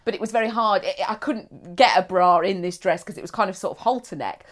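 A woman co-hosting a podcast, chatty and affectionate in casual conversation. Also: medium pitch. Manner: affectionate, chatty, quick reactions and asides. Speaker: podcast co-host. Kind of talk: casual chat, storytelling.

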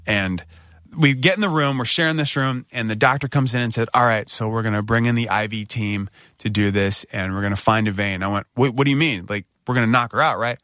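A man's voice: on the low side, fairly quick, fairly bright tone, no room sound, clean studio sound. A man casually telling a story on a podcast, acting out his own anxious outbursts.

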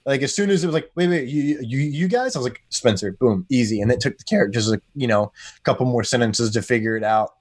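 Animated American man on a podcast. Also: fast talker, no room sound, clean studio sound. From United States. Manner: animated, pitch jumps when excited, rambling. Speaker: podcast guest. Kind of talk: casual podcast chat.

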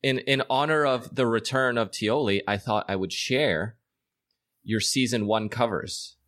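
A man's voice: medium pitch, a little slow, a bit bright, no echo. A man chatting casually on a show, making dry understated remarks. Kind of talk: casual chat.

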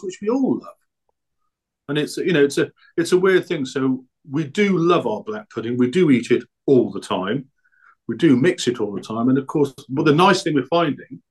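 A man chatting enthusiastically as a podcast guest about the food he makes. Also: mid-range voice. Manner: enthusiastic, chatty about his own produce. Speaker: guest, black pudding producer. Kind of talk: casual podcast interview.

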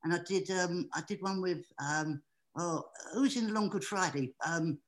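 A man with a high, squeaky, distinctive voice, telling anecdotes as an excitable, animated guest. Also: normal speed, rough recording. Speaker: guest entertainer. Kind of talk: anecdotal storytelling.

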